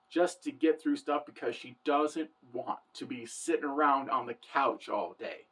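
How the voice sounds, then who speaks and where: A woman's voice: low-pitched, breathy edge. Earnest woman in her forties, storytelling. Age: 40s. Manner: earnest, heartfelt, repeats "for the record". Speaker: vlogger. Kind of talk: personal storytelling monologue.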